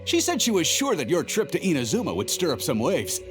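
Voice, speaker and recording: Jovial male sailor, admiring, high and very swooping pitch, game dialogue with music. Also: wildly swooping pitch, fairly quick. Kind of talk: video game voice acting.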